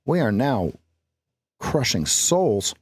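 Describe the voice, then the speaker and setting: A man's voice: medium pitch, sing-song, slow, a little mellow, husky, dry recording. A man hosting a live trading stream as coach, thinking aloud through numbers and joking at his own lines. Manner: chatty, jokes at his own lines and laughs at them.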